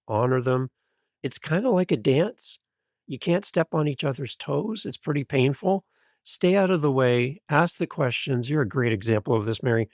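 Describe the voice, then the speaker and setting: An energetic man telling stories as a podcast guest, full of enthusiasm. His voice sits at a middle pitch and comes across dry and close, with no room sound. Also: dry recording. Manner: energetic, enthusiastic, animated storyteller. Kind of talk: interview storytelling.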